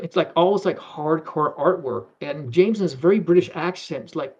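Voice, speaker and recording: Middle-aged man, slightly high voice, storytelling guest who rambles and mimics others, muffled lo-fi recording. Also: fast talker, hardly any pauses, darkish tone, breathy edge. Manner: rambling, many restarts, acts out quoted voices. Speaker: interview guest, animator. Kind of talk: anecdotal storytelling. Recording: dull lo-fi sound.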